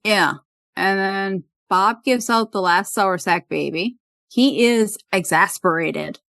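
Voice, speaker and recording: A woman's voice: mid-range voice, takes it slowly, vocal fry, a bit bright, no room sound. A woman hosting a podcast, casually retelling an episode's scenes and quoting the characters. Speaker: podcast host. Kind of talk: casual recap chat.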